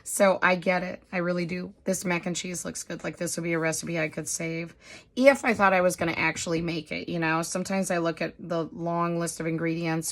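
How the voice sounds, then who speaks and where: A woman with a hoarse voice, chatting casually through a craft haul in a rambling, apologetic, self-deprecating way. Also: on the low side. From United States. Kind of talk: casual chatty show-and-tell.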